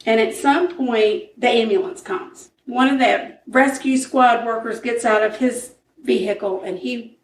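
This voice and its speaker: A woman's voice: on the high side, a little slow, hardly any pauses, echoey room, far from the mic, a little hiss or hum. A woman, casually retelling a true crime case as a podcast co-host, acting out the quotes as she goes. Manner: animated retelling with acted-out quotes. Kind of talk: casual storytelling chat.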